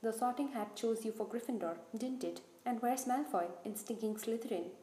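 A woman's voice: on the high side, moderate pace, roomy sound, natural voice. A woman voicing an earnest young teenage boy. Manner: earnest, hushed at times.

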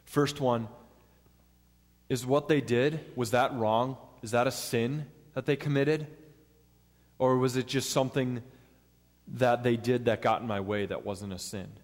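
A man's voice: mid-range voice, steady tone, unhurried, pauses often. A man preaching a sermon in an earnest, step-by-step teaching manner. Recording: long hall reverb.

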